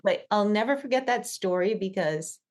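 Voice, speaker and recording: A middle-aged woman on a podcast, telling a personal story in a casual, animated way with many fillers. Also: mid-range voice, moderate pace. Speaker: podcast co-host.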